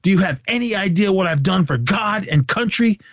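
A man's voice: high voice, lively intonation, brisk, dry recording, pitched above the performer's own voice. A man voicing a menacing, bitter male ex-assassin in an intense, raised voice, on a muffled podcast recording. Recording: muffled dry lo-fi audio.

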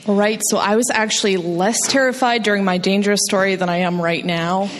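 A woman from New Jersey telling a funny personal story on stage at a live storytelling show, poking fun at herself and jumping up in pitch for quoted voices. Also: steady tone, brisk, crowd noise. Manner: self-deprecating, jumps high for quoted voices. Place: stage in a hall. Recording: long hall reverb.

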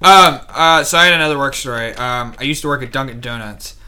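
A young man chatting casually on a podcast, telling animated work stories and jumping into high voices to quote people. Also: brisk, smooth. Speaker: podcast co-host. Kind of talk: casual chat.

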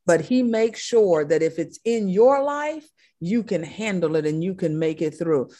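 A woman's voice: lowish voice, lively intonation, unhurried, mellow. A woman preaching a sermon, impassioned, driving her points home with emphatic repetition.

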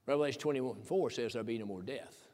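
A man's voice: medium pitch, quick pace, darkish tone. An older man from Tennessee preaching a sermon in a folksy, emphatic way that builds into fervent peaks. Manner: folksy, emphatic preaching with rising fervor and chuckles. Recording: long reverb of a church hall.

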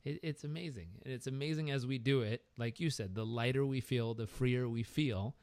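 A man hosting an interview, gently enthusiastic and affirming while he asks questions. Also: medium pitch, normal speed, no echo. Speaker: podcast host. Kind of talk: casual interview chat.

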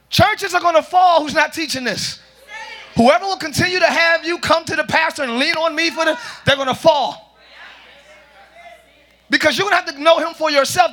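A man preaching a lively sermon as pastor to a congregation, joking and calling out to them. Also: very high voice. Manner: shouting, joking, calls to the congregation. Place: large church with congregation.

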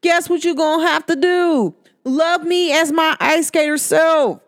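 A young adult woman hosting her own podcast, talking casually and sassily, laughing often and swinging between high and low tones. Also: fairly even intonation, measured pace. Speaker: podcast host. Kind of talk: casual solo podcast monologue.

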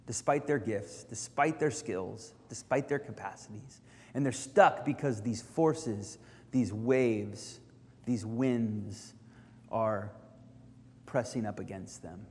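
A man preaching a sermon as pastor, reflective and halting with frequent ums, lifting his voice when reading scripture aloud. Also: fairly low pitch, a little mellow. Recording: reverberant hall.

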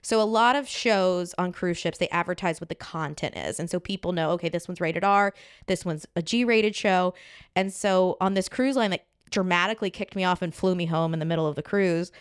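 A woman comedian tells stories on a podcast, her voice swooping high and low as she slips into quoted voices. Her tone is smooth and clear, recorded close and dry. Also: no room sound. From New York. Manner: animated storytelling, quick asides and quoted voices. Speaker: comedian guest. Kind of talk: podcast conversation.

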